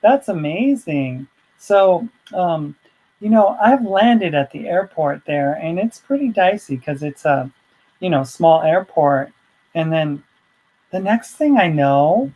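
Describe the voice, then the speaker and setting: A woman's voice: lowish voice, lively intonation, unhurried, dark tone, low-quality recording. A woman vlogger telling a personal story in a casual, rambling way, full of asides.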